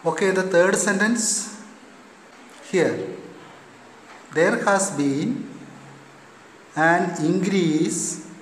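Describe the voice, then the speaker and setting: A male English teacher with an Indian English accent talks through a class lesson at a very slow, careful pace. His voice sits fairly high for a man. The room is echoey, with a long reverb tail and a faint hum behind him. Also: fairly bright tone. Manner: slow, deliberate explaining, spelling words letter by letter; repeats definitions, often pauses with okay. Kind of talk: recorded online class lesson.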